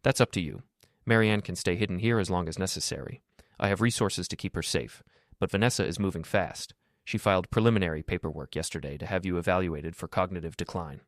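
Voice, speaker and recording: A grave, wealthy businessman, voiced by the male narrator lays out facts in a measured, matter-of-fact way. His voice is very low and steady. The sound is dry and close, like a story-channel read. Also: no room sound, natural voice. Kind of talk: audiobook drama reading.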